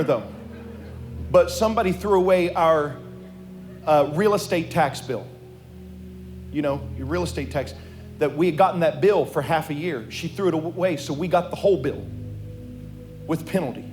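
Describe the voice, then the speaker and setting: A man pastor preaching a sermon, moving between quiet, personal storytelling and loud, sing-song calls to the congregation in a church sanctuary. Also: sits high.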